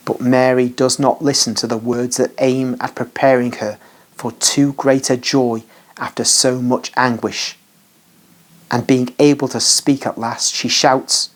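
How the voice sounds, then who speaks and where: A narrator reading a devotional vision text in a measured, solemn way. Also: mid-range voice, fairly even intonation.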